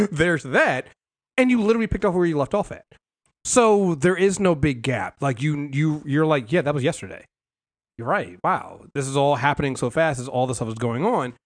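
A young adult man hosting a casual TV recap show, talking in a lively, rambling way full of fillers and restarts. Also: a little high, moderate pace. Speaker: podcast host.

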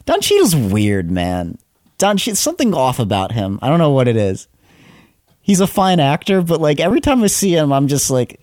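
A man's voice: fairly high pitch, wildly swooping pitch, normal speed, darkish tone, no room sound, studio quality. A man co-hosting a casual film podcast, blunt, laughing often and swearing. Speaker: podcast co-host.

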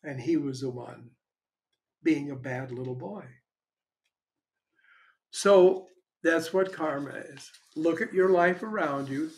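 Older spiritual teacher, frank and unhurried. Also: male voice, fairly high pitch. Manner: frank, conversational storytelling with pauses.

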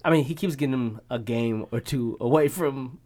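A woman's voice: a bass voice, normal speed, darkish tone. A woman co-hosting a casual sports chat, blunt and joking, swearing freely. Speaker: podcast co-host.

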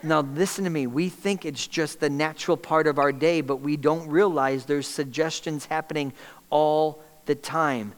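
A man's voice: on the high side, steady tone, unhurried. Man, pastor, sermon, asks the crowd to fill in words, resonant voice, echoing hall. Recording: long reverb in a large hall.

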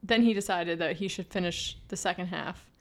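A woman's voice: fairly low pitch, moderate pace. A young woman co-hosting a podcast in casual chat, talking in a chatty way with many fillers and restarts. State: pregnant. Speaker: podcast co-host.

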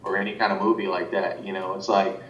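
A man with a flat delivery talks at a quick pace, far from the mic, producing roomy, muffled off-mic sound with a faint rumble. He's an animation director in a casual interview, rambling through numerous fillers and restarts.

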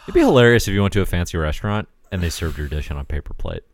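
A man co-hosting a casual podcast, cracking dry deadpan jokes. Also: deep voice, rapid-fire, crowd noise. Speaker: podcast co-host.

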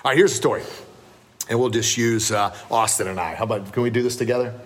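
A man's voice: mid-range voice, fast talker. 50s guy, martial arts teacher hosting a podcast, jokey and self-deprecating, chatty storyteller. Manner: joking, self-deprecating, folksy.

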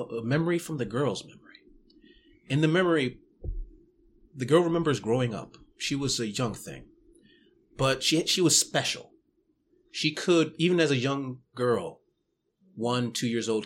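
A man acting as game master, narrating a tabletop story and dropping to a hush at the grim parts. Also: medium pitch, slightly rough.

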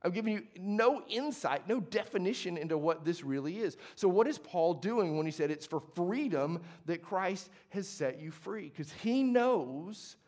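A young adult man preaching a sermon as pastor, conversational and passionate, moving from hushed to emphatic. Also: high voice, lively intonation, unhurried, few pauses.

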